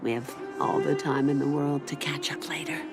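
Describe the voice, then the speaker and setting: An actress voicing a gentle older mother who speaks softly and tenderly in a video game. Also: low-pitched, little pitch movement. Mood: gentle comfort. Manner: soft, slow and tender. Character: gentle elderly mother, warm and reassuring. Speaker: Natasha's mother. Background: game soundtrack music.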